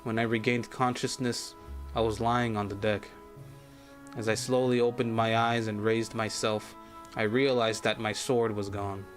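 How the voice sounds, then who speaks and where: A man streaming a game, reading its story text aloud in a measured, grave way that sometimes drops to a hush. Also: on the low side, flat delivery. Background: faint game music.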